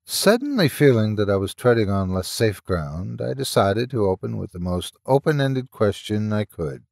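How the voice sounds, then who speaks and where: A man reading a horror story aloud as narrator, in a dramatic, expressive manner. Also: on the low side, normal speed, gravelly, dry recording, clean studio sound. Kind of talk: scripted narration.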